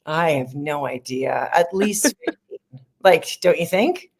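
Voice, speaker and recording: A woman's voice: low voice, lively intonation, slow, slightly rough. A middle-aged woman in casual chat about making her sketch comedy, chatty and rambling. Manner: chatty, rambling, laughs often. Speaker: sketch comedy creator and lead actor. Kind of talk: casual behind-the-scenes chat.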